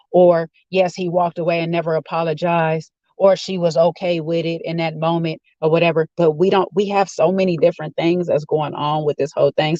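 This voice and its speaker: Guy ranting in his car, kinda high voice, dull dry muffled sound. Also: a little mellow, no room sound. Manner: rambling, opinionated, conversational. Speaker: vlogger. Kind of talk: casual rant while driving. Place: inside a car.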